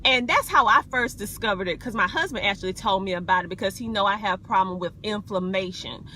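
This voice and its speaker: Talking fairly quickly in a medium-pitched, pushed, bright voice, this Southern-accented South Carolina wellness vlogger goes live from inside her car, folksy and peppered with ums. A little hiss or hum is audible.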